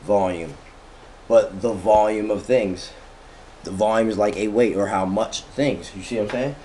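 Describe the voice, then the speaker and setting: A man giving a casual, profane motivational rant as a vlogger, talking slangy and sometimes drawing words out slowly. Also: lowish voice, warm tone, a little hiss or hum.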